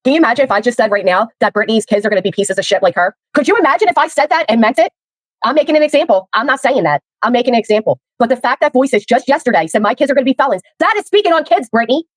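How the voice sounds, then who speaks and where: Angry philly woman ranting on stream, loud and abrasive, a bit high. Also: expressive, rapid-fire, dry recording. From Philadelphia, USA. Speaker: livestreamer. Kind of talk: angry livestream rant.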